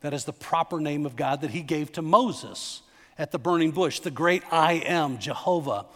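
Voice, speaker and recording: Middle-aged pastor guy, chatty emphatic sermon, pretty high voice, echoey sanctuary. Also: moderate pace. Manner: conversational, emphatic preaching with asides to the congregation. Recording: long hall reverb.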